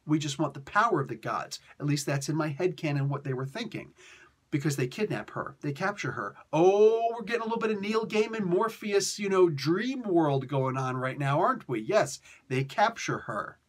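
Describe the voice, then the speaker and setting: A man hosts a comic book review show in a loose, animated chat full of jokey asides. His voice sits a little high and has a husky edge. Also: moderate pace. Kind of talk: casual comic review talk.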